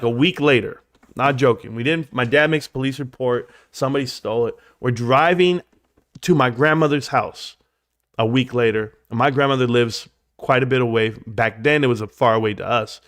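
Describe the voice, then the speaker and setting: A man hosting a livestream, telling a long story in a rambling way, jumping high when he acts out quotes and dropping low for asides. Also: moderate pace, no room sound, clean studio sound. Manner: animated, jumps high in pitch when acting out quotes; rambling, drops to quiet asides. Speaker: livestream host. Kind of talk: casual storytelling.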